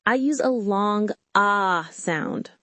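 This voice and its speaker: A woman with a modern British accent leads a pronunciation lesson. She speaks slowly and with lively rises and falls. She shapes each sound with care in a dry, close recording. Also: medium pitch, no echo. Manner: slow, careful modelling of sounds. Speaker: pronunciation teacher. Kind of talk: scripted language lesson.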